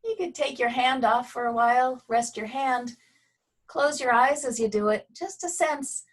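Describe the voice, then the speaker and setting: Over a video call, a woman with a high voice teaches a Feldenkrais lesson on movement and voice, guiding slowly and gently with pauses.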